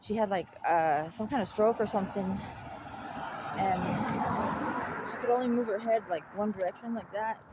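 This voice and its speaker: A woman's voice: medium pitch, moderate pace, pauses often, very noisy. A young woman telling a personal story in casual chat, blunt and full of swearing, laughing often.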